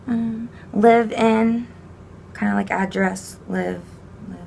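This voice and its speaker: A woman's voice: medium pitch, steady tone, a little slow, creaky, a little mellow, a little hiss or hum. A young woman casually explaining sign language vocabulary to a home camera, chatty, with fillers and small laughs.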